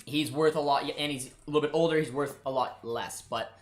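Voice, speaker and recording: Hosting a live football watchalong, this man from Canada rambles casually to his audience and producer over faint background music. His pitch is fairly high, his intonation fairly even, and his pace brisk.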